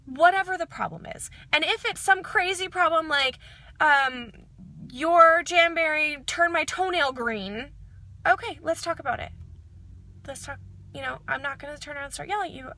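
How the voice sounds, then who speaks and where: A woman's voice: high-pitched, creaky, bright, forceful tone. A woman who works as a direct sales consultant, giving casual advice in an upbeat, chatty way with many fillers.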